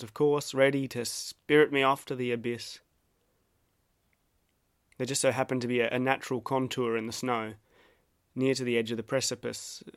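Reading his own reflective personal essay, an Australian man sounds measured and wry, with a dry, self-deprecating edge. His pitch is a typical middle range for a man, and his tone is clear, resonant and fairly bright. The recording is close and dry, with no room sound at all.

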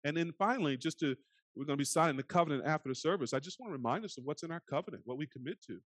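A man preaching a sermon as pastor, earnest, often dropping to soft hushed phrases. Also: a little high, animated, racing, no echo. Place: church sanctuary.

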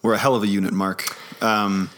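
A man's voice: fairly low pitch, fairly even intonation, a little fast, a bit bright. A man in his forties co-hosting a podcast, telling rambling, easygoing stories full of fillers. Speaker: podcast co-host. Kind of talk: casual chat.

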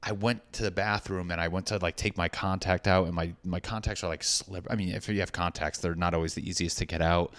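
A man's voice: sits low, steady tone, a little fast, hardly any pauses, fairly bright tone. A young man, a stand-up comedian, telling a rambling, profane, self-deprecating story in casual chat.

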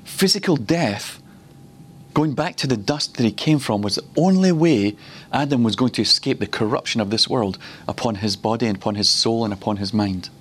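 A man from Glasgow giving a teaching sermon at a ministry school, telling stories and slowing down to repeat words for emphasis. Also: on the low side. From Glasgow, Scotland.

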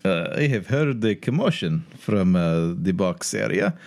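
A man's voice: low-pitched, expressive, a little slow, gravelly, darkish tone. A man playing in a tabletop role-playing game, describing his actions hesitantly with fillers. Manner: hesitant, starts lines with fillers. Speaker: player.

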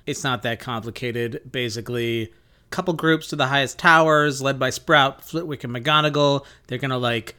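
A man's voice: mid-range voice, sharp tone, clear, resonant tone. A man co-hosting a podcast, recapping a book chapter in casual, joking talk. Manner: jokey, summarizes with quick asides and silly voices. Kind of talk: casual chat.

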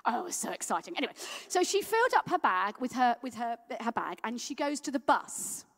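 A woman giving a guest sermon, telling stories in a lively, rousing and heartfelt way. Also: fairly high pitch, a little fast, big-room sound. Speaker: guest preacher.

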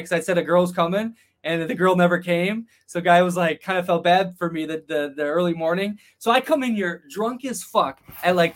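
A man telling a casual travel story as a podcast guest, animated, swearing freely and acting out the other people in it. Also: high voice. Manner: animated, acts out quoted voices, swears freely.

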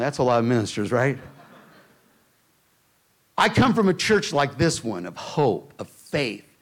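A man preaching a sermon to a church, telling a personal story with emphatic delivery that drops to a hush in tender moments. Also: high voice. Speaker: pastor.

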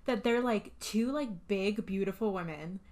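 A young woman co-hosting a podcast, chiming in casually with short reactions and quick laughs. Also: medium pitch, a little mellow. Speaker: podcast co-host. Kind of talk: casual chat.

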